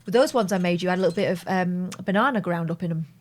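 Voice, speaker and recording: A woman's voice: lowish voice, fast talker. Chatty English woman co-hosting. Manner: chatty, upbeat, down-to-earth. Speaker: co-host. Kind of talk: casual live show chat.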